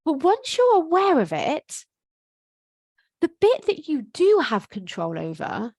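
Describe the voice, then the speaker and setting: A middle-aged woman coaches straight to camera in a lively, frank, emphatic way, swearing now and then without fuss. Her voice sits a little high. The recording is close and dry, with no room sound. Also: no room sound. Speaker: life coach. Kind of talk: motivational coaching talk to camera.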